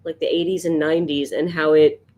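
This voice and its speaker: A woman's voice: low voice, little pitch movement, brisk, dark tone, lo-fi sound. A woman chatting casually and rambling while she sketches on a live stream. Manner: rambling, chatty, laughs often. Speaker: art streamer.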